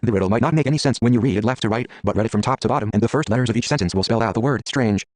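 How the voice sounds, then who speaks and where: A man's voice: on the low side, racing, darkish tone, dry recording, lightly acted. A man voicing a seductive female gorgon with snake hair, teasing and patient, read close to his own voice in a game playthrough. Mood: matter-of-fact.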